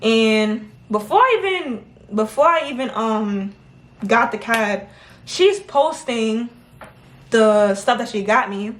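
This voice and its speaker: Animated woman telling a story, echoey room. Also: on the high side, takes it slowly. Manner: animated, laughing, mimics others' replies. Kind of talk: casual storytime chat.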